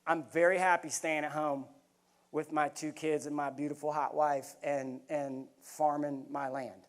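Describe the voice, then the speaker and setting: High-voiced man giving a talk. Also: flat delivery, a little slow. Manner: storytelling, earnest and folksy, addresses crowd as y'all. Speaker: keynote speaker. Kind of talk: motivational speech. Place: conference hall.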